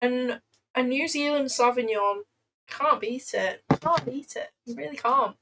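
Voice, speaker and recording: A young woman, her voice sitting a touch high for a woman. She talks in loose, playful, rambling bursts as she answers her livestream chat. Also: measured pace, pushed and bright, a little hiss or hum, low-quality recording. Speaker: trading livestreamer.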